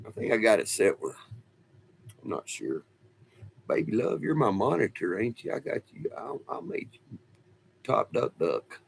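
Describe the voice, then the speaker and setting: Man, livestream host; low voice, lively up-and-down delivery, rambling and folksy. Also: moderate pace, vocal fry, pauses often, a little hiss or hum. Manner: rambling, folksy, laughing often. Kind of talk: casual storytelling livestream. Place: off-grid home.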